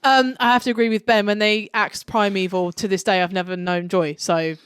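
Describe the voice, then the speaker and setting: A young woman with a smooth, clear mid-range voice co-hosts a casual podcast. She reacts with jokes and gushing enthusiasm. The recording is dry and close-miked. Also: medium pitch, flat delivery, brisk, a bit bright, no room sound. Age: young adult. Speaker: podcast co-host. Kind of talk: casual chat.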